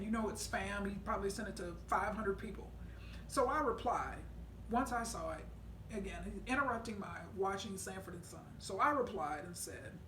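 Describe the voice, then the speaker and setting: A woman's voice: mid-range voice, a bit bright, slight background noise. A woman sales trainer telling a story in a casual teaching talk, with many fillers and restarts. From United States. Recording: echoey room, voice far from the mic.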